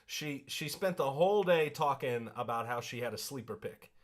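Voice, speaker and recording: A man's voice: medium pitch, animated, moderate pace. A man co-hosting a casual sports podcast, telling stories in a playful, exaggerated way. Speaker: podcast co-host.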